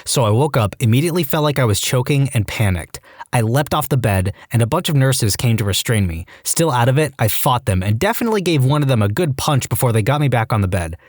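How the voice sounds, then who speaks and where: Speaking fast in a mid-range voice, this narrator reads scripted online stories with lots of energy, switching voices to perform the quoted dialogue. The sound is dry and clean, studio-recorded.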